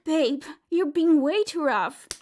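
A woman acting a very high, tearful young woman. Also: animated, slow, a little mellow. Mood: pleading. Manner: breathy, sobbing, pleading. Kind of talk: amateur audio role-play.

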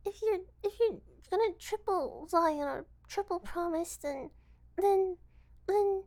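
With a very high voice, a young woman performs an intimate audio role-play. Her character is naive and eager, quickly flustered, and given to giggles, stammers and breathy whispers.

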